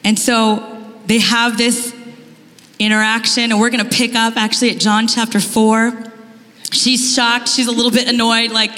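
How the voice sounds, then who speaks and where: A woman giving a sermon at a conference, telling stories in an animated way with rising, emphatic questions. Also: a little high, normal speed. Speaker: conference speaker. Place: conference hall. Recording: long hall reverb.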